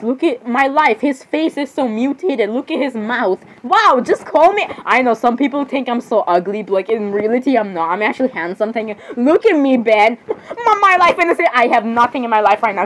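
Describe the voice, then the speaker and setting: Young woman chattering dramatically, high-ish voice, keeps repeating herself and laughing. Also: normal speed, few pauses, slight background noise. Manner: excitable, repeats exclamations, frequent laughter. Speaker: narrator voicing characters. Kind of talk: dramatic casual commentary.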